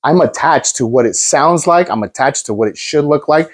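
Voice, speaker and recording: A man's voice: a little high, lively intonation, moderate pace, breathy edge. A man hosting a self-help coaching talk, earnest, often restarting phrases and calling the audience "guys.". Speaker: host, coach.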